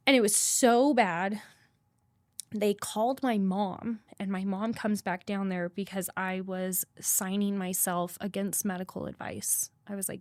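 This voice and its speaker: A woman's voice: medium pitch, fairly even intonation, unhurried, a little mellow, no room sound. A woman guest on a podcast telling a hard personal story candidly, swearing freely and repeating points for emphasis.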